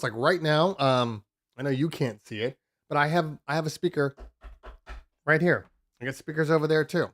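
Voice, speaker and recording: A man's voice: mid-range voice, moderate pace, fairly bright tone, dry recording, clean studio sound. A man hosting a DJ live stream, answering viewer questions in a loose, rambling way with many ums and restarts. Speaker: DJ podcast host. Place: home studio room.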